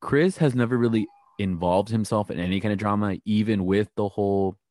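Lively man recapping a show, dry mic. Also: a little fast, no echo. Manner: animated, acts out quoted lines in a high mocking voice. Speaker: podcast co-host recapping a reality show. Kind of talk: casual chat.

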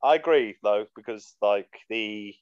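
A man's voice: lowish voice, measured pace, a little mellow, clear, resonant tone. A man hosting a casual podcast chat, rambling loosely and laughing often. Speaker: podcast host. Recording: dull, dry lo-fi sound.

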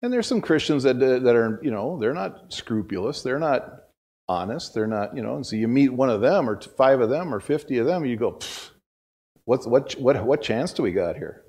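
A pastor delivers his sermon in an easy, story-driven way from the front of a church. His voice sits at a middle pitch and swings between raised, emphatic bursts and near-whispered asides. He speaks as a man talking to his own congregation. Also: lively intonation, a little fast. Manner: conversational storytelling, swings from loud to hushed.

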